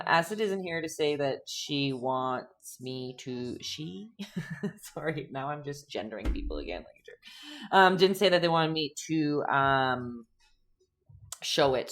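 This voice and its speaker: A woman's voice: extremely low pitch, a little hiss or hum. A young woman teaching a painting lesson on a live stream, chatty and playful, reading out viewers' chat and giggling often.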